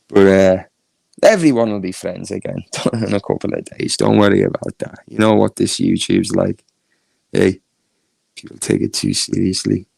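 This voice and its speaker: A Northern English man on a live stream, his low voice gravelly and fried at the edges. He talks loosely and laughs a lot, answering chat as he goes, and the sound is close and dry. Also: darkish tone, dry recording. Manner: chatty, laughs often, reads chat aloud. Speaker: YouTube streamer.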